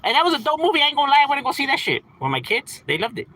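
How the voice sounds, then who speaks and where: On a rough recording, this man's voice is very high and races along very fast, swinging hugely in pitch with a bright, forceful tone. He is a livestream host in his thirties, from the San Fernando Valley in California, talking casually and slangily in a laid-back way with frequent laughter.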